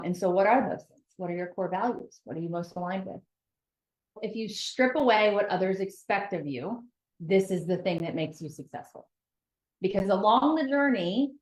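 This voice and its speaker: Woman life coach running a group session, upbeat, talks right to you, kinda roomy echo. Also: medium pitch. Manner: upbeat and encouraging, addressing listeners directly.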